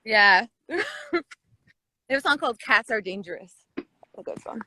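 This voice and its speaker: A woman's voice: on the high side, lively intonation, moderate pace, sharp tone, slight background noise. A woman joining a casual livestream as a guest musician, laid-back and laughing as she rambles. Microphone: phone video stream.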